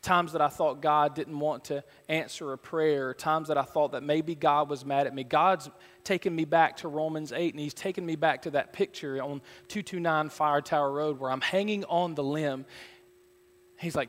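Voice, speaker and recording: A man preaching a sermon from the pulpit, earnest and building to loud, emphatic passages. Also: a little high, moderate pace. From Georgia, USA. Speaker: pastor. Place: church sanctuary. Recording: church hall reverb.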